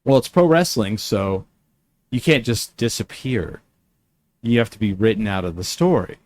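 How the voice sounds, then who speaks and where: A man's voice: fairly low pitch, expressive, normal speed, darkish tone. A man hosting a casual chat, telling a story with lots of fillers and restarts. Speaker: podcast host.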